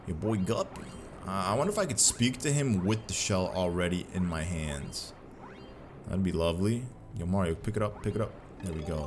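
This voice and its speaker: A man giving casual, joking commentary while playing a video game, full of slang and playful trash talk. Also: deep voice. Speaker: gaming commentator.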